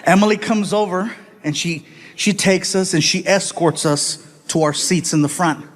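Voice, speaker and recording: Male stand-up comic on stage, high voice, chatty, teases the audience. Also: moderate pace. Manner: animated, chatty, ribs the audience. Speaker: stand-up comedian. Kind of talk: stand-up comedy. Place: live comedy stage.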